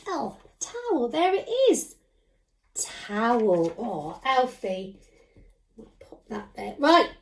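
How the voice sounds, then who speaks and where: A woman's voice: mid-range voice, fairly bright tone. Sing-song woman teaching phonics. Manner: encouraging, sing-song, slowly sounding out letters. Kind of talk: children's phonics lesson. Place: home.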